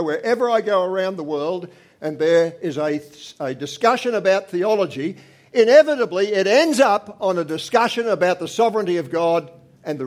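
Older man, church testimony, earnest storyteller, voice sits a bit high. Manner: earnest storytelling, swings from animated to quiet. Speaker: church member giving a testimony. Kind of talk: personal testimony to a congregation.

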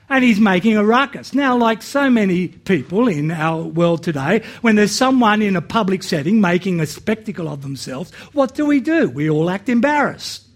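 A man's voice: high voice, lively intonation, normal speed, few pauses. A man preaching a sermon, earnest, often repeating words as he starts phrases and acting out the quotes he reads. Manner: acts out Bible quotes with rising and dropping voice.

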